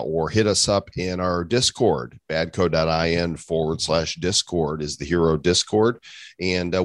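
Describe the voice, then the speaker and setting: A male podcast co-host with a very deep voice, talking in a loose, jokey way. His voice sounds dry and close, with no room around it. He laughs easily and reads out listener reviews. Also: no room sound. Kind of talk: casual podcast chat.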